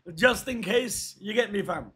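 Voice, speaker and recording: A man's voice: sits high, expressive, moderate pace, a bit bright, slightly rough. A man, a father, streaming a game and chatting with viewers in laid-back slangy banter. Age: adult father. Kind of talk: casual livestream chat.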